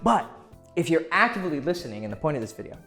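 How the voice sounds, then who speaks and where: A man's voice: fairly high pitch, big pitch swings, fast talker, a bit bright, soft background music. A man giving casual, blunt dating advice to camera, swearing freely and acting out what people say. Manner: blunt and profane, acting out quoted voices.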